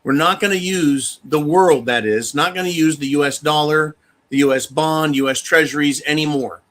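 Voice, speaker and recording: Male livestream host, bright and somewhat high voice, emphatic, blunt and profane. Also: moderate pace. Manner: emphatic and animated, addresses viewers as folks, swears freely. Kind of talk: casual livestream commentary.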